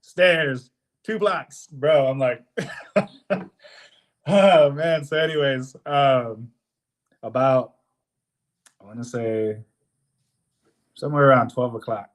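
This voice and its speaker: A young man co-hosting a podcast, telling a work story in a casual, animated way, swearing often and acting out what people said. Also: medium pitch, slow, pauses often. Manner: animated, profane, swears often, acts out quotes. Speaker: podcast co-host.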